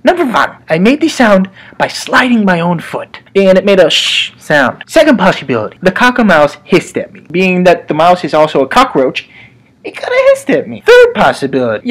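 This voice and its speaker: A young man telling a funny story to camera, animated, dropping into low mutters and jumping up into high squeals. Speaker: comedy storyteller. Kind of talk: comic storytelling monologue.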